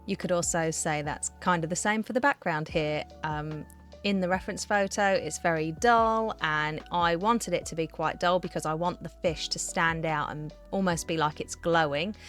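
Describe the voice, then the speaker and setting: A woman's voice: fairly low pitch, normal speed, a bit bright, faint music behind. A woman chatting casually as she narrates a voiceover for her art vlog, giggling often and running herself down. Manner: chatty, giggly, self-deprecating. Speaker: art vlogger. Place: home art studio.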